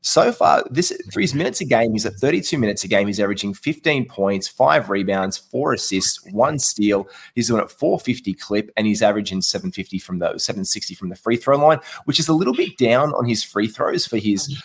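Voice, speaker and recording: Husky, animated man. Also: lowish voice, brisk, few pauses. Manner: animated, chatty storyteller. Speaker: podcast co-host. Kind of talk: casual podcast chat.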